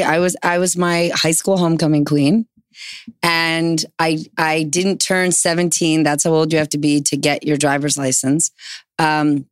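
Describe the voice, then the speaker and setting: A woman's voice: sits low, clean tone, dry recording, clean studio sound. A woman giving candid, self-deprecating interview answers. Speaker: guest.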